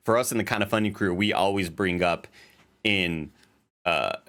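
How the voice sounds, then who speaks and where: A young adult man co-hosts a casual podcast, speaking at a moderate pace in a low, fairly bright voice. He recaps a TV episode in a rambling, profane way, with lots of fillers and restarts.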